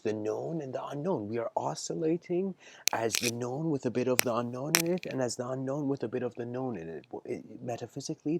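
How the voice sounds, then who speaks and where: A man's voice: mid-range voice, a little mellow. A man giving an improvised philosophical lecture on a livestream, searching for words, restarting phrases and checking in with his listeners. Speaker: spiritual lecturer.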